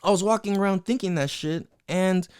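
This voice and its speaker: A man's voice: high-pitched, fairly quick, darkish tone, clear, resonant tone, no room sound, clean studio sound. A young man hosting a podcast, telling a personal story in a casual, profane, rambling way full of "like" and "you know what I'm saying". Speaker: podcast host. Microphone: headphones with mic.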